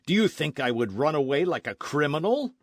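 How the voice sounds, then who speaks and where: A proud elderly nobleman blusters and protests, as a man acts him out in an audiobook. The voice climbs high when he is insulted and stays dry and close to the mic. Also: big pitch swings, moderate pace, no echo. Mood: outraged. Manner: indignant, proud, rising to shouts. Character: pompous, outraged elderly Spanish-Californian nobleman.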